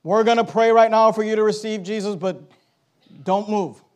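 A man's voice: high voice, steady tone, moderate pace. A man preaching a sermon, stressing key words, asking rhetorical questions and reading scripture aloud.

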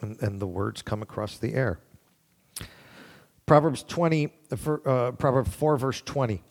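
A man's voice: mid-range voice, lively intonation, unhurried, a little mellow. Man teaching Bible verses, thinking aloud. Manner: conversational, thinking aloud, asks the room questions. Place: room with listeners.

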